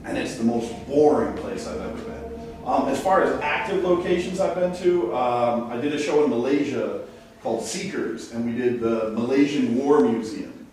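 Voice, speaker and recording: A man's voice: mid-range voice, darkish tone. A man hosting a ghost hunt, briefing a live group in a casual, joking, self-mocking way. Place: large echoey stone building indoors. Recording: echoey hall, voice from far off, faint noise.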